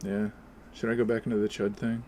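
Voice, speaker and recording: A man's voice: lowish voice, brisk, slight background noise. A man, streaming a game and ranting sarcastically with a lot of swearing. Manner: sarcastic, profane, animated. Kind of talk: casual ranting while playing a game.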